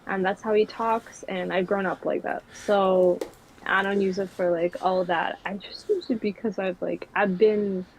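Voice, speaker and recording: A woman's voice: medium pitch, fairly even intonation, unhurried, slight background noise, low-quality recording. A young woman from New York, a guest in a casual chat, rambling with lots of fillers and restarts. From New York City. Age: young adult.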